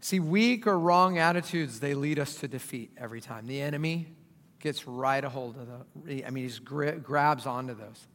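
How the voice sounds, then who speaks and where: A man preaching a sermon as pastor, conversational and joking, sometimes dropping low and quiet, sometimes rising loud. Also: moderate pace. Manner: conversational, joking preacher with dramatic swings in loudness. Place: church auditorium. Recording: church hall with long reverb.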